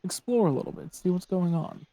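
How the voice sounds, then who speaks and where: A man's voice: high voice, lively intonation, a little fast, gravelly, warm tone, pitched above the performer's own voice. A man playing a curious long-lived adventurer. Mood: inquisitive. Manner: polite, probing questions. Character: curious 180-year-old wandering adventurer.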